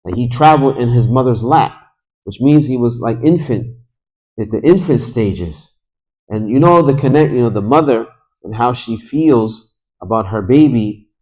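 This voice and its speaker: Speaking in a mosque, this man recounts a story with emotion and a conversational touch, reciting Arabic before giving its translation. His mid-range voice has lively intonation and a dark tone at a moderate pace, though the recording is rough.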